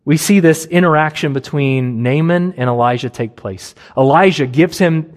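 A man delivers an earnest sermon, leaning on each point with emphatic, deliberate phrasing. His voice sits a touch higher than most men's. He drops low and soft when he speaks Jesus' words. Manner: earnest, emphatic expository preaching with long pauses. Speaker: preacher.

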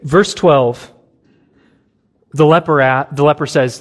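Earnest man preaching a sermon. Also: a little high. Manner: earnest, emphatic expository preaching with long pauses.

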